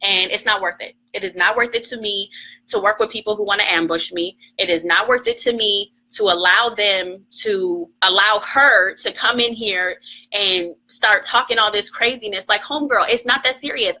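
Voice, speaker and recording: A woman's voice: medium pitch, bright, forceful tone, low-quality recording. A woman co-host ranting emotionally on a phone livestream, heated, emphatic and defiant. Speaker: morning show co-host.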